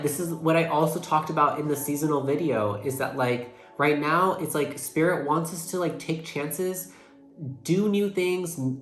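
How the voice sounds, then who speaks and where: A young adult tarot reader giving a casual, emotional monthly reading, talking earnestly, swearing casually and saying "like" a lot. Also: mid-range voice. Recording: echoey room with faint music behind. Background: faint background music.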